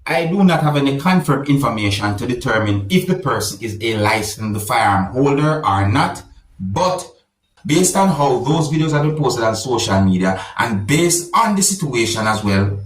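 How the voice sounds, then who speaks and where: A man's voice: medium pitch, sing-song, normal speed. A man giving formal news-style commentary on a vlog, repeatedly addressing his viewers and subscribers. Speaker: vlogger. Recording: roomy, distant mic.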